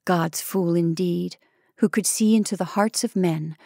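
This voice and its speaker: A woman reading a short story aloud in a measured, soft-spoken way. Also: lowish voice, gravelly, no room sound, studio quality. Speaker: narrator.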